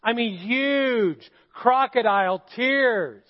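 A man's voice: extremely high pitch, slow pace, muffled recording. A middle-aged male pastor preaching a sermon in a church auditorium, telling stories and asking the congregation questions. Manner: storytelling, asks the congregation questions.

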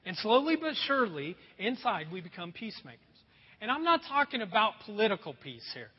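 Animated male pastor preaching in a hall. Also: high voice, fairly quick, husky. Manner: animated, acts out voices for laughs. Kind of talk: sermon. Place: church sanctuary. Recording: echoey hall, dull sound.

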